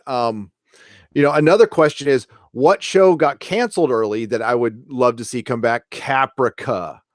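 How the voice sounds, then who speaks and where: A middle-aged man hosts a casual live stream, thinking aloud and correcting himself as he goes. His voice sits at an ordinary pitch. The sound is dry and close, with no room around it. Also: no echo. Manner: rambling, self-correcting, opinionated. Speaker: live stream host reading chat questions.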